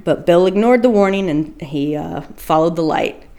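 A woman with a slightly low voice co-hosts a chatty podcast. She rambles through a spooky tale in a loose, casual way, swearing freely and laughing at her own stumbles. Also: lively intonation, normal speed, a little mellow. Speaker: podcast co-host. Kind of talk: casual storytelling chat.

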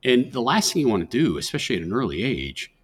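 A man's voice: medium pitch, sing-song, fast talker, husky. A middle-aged man from the United States, a career services director speaking as a podcast guest, giving earnest advice with frequent restarts. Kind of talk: conversational podcast interview.

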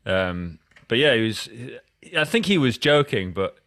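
A man's voice: fairly low pitch, big pitch swings, measured pace, a bit bright, no echo, clean studio sound. A Scottish man hosting a podcast interview, talking in a loose, rambling way with many restarts. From Scotland. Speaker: podcast host. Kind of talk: casual interview chat.

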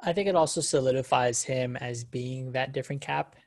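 A man co-hosting a podcast, chatting casually in a relaxed way, often stumbling over the first words of his sentences. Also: medium pitch, moderate pace. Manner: relaxed, with stammered restarts. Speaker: podcast co-host. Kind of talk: casual review chat.

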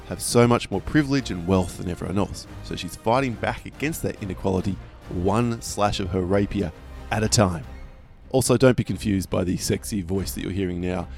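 A low, gravelly man introduces his character for a tabletop game. He pitches it with playful, mock-grand humor, faint music behind him. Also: darkish tone. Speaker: player.

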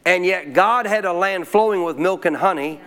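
A man with a high voice preaches a sermon to his church. He keeps calling out questions to the people in the pews, checking that they are still listening. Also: normal speed, a bit bright, soft background music. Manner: calls out questions to the congregation. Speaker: pastor.

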